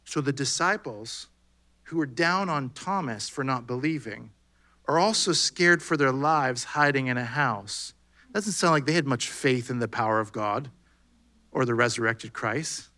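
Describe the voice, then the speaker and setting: A man's voice: medium pitch, animated, a little slow, sharp tone. A man preaching a sermon in a conversational way, acting out bits of dialogue as he goes. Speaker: pastor.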